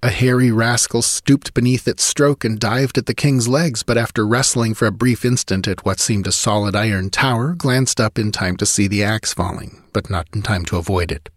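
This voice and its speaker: A man's voice: fairly low pitch, normal speed, few pauses, dry recording, clean studio sound. A man narrating a sword-and-sorcery audiobook with vivid, driving storytelling.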